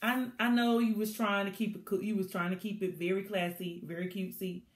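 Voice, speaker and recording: A woman recapping a TV episode in a casual, animated way, laughing and acting out the scenes as she goes. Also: medium pitch, fairly quick, reverberant. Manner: animated, chatty storytelling with bursts of laughter. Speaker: TV show reviewer.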